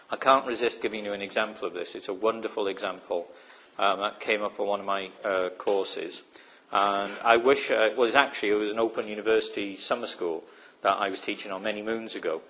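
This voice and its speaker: Man, lecturer, lowish voice, hesitant, thoughtful, asks the listeners questions. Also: a bit bright. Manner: reflective, checks understanding with repeated questions; hesitant, many fillers and restarts. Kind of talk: recorded lecture.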